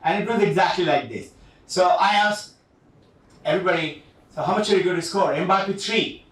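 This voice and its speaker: Brief: male workshop speaker, high and animated, heard from a distance in an echoey hall. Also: moderate pace. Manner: animated storytelling, acts out dialogue. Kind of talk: motivational talk to parents. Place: school hall. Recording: echoey hall, mic from far off.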